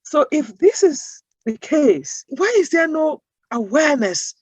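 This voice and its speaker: A woman's voice: high-pitched, big pitch swings, measured pace, darkish tone, dry recording, poor audio. Woman interview guest, earnest and emphatic, dry close sound. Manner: emphatic, builds points with rhetorical questions. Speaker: guest, accent-bias advocate. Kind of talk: interview answers.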